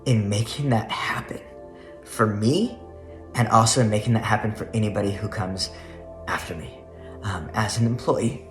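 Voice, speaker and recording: A man telling a story to the camera in a casual vlog, chatty and laughing often as he rambles. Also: medium pitch. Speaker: vlogger. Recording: roomy echo, faint music.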